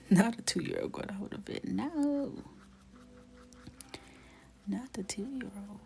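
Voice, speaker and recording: A woman chatting casually on a live stream as she colors, greeting viewers by name, often dropping to a soft near-whisper. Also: medium pitch, moderate pace, vocal fry, faint music behind.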